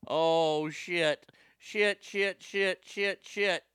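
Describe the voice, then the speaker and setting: A man's voice: high voice, steady tone, drawn-out words, a bit bright, clear, resonant tone, dry recording. A man hosting a political commentary show, sarcastic and profane, mocking what he plays. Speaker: host.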